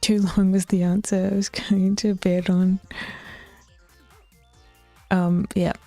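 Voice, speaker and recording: A woman with a New Zealand accent chatting casually with her viewers as a Twitch streamer, bluntly teasing and slipping into soft whispered asides. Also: medium pitch, little pitch movement, slow, no room sound, faint music behind.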